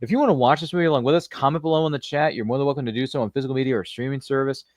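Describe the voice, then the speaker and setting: A young man hosting a casual movie watchalong, chatty and animated, often reciting film lines. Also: medium pitch, very fast, no echo, studio quality. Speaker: host.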